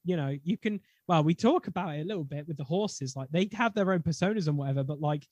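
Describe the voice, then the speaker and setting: Excitable man, dry close sound. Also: fairly high pitch, no room sound. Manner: excitable, laughing, fast bursts. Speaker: podcast co-host, tabletop player. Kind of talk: casual podcast chat.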